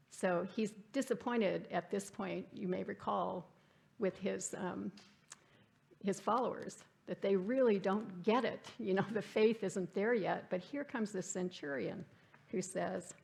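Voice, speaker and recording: Gravelly-voiced woman giving a church lecture. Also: mid-range voice, unhurried. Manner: reflective, reads quotes aloud. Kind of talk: literary lecture. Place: church hall.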